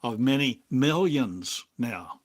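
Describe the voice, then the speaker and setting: An older man giving a slow, halting spiritual monologue as a teacher, speaking in drawn-out phrases with long pauses. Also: medium pitch, lively intonation. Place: home in a small town, drinking coffee.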